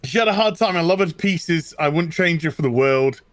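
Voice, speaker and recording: A man's voice: fairly high pitch, fairly quick, no room sound. A middle-aged British man in casual chat, telling personal stories with lots of restarts and repetition. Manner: animated, repeats himself, tells stories. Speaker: co-host.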